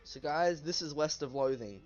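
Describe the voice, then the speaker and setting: A man's voice: fairly high pitch, normal speed, a little mellow. A man hosting a let's play, playfully reading game text aloud and commenting as he goes. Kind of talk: gameplay commentary. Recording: dull lo-fi audio, faint music.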